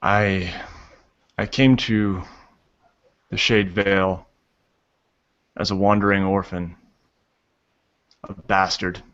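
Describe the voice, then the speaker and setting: A dutiful, secretive warrior with a very low, slow voice, as a man plays him at the table. He speaks haltingly and earnestly, on a dull lo-fi recording. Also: steady tone, fairly bright tone. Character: troubled elf-raised man, dutiful and secretive.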